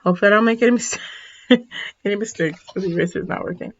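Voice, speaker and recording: A woman math teacher runs through a recorded lesson in a casual way, yawning and tired, often correcting herself and saying sorry. Her voice is medium-pitched and fast. The sound is lo-fi.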